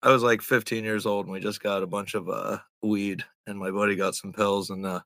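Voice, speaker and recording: A man's voice: on the low side, flat delivery, fairly quick, a bit bright, no room sound. A man chatting over a video call, telling stories while swearing freely and laughing through them. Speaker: stranger met on video chat. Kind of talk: casual storytelling chat. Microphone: computer mic on video call.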